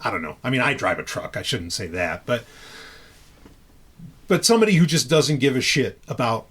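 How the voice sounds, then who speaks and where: A man at an ordinary middle pitch hosts a podcast in relaxed conversation. He talks loosely, circling back and restarting his sentences and dropping casual curses along the way. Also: normal speed, husky. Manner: loose and talkative, swears casually, many restarts. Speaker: podcast host.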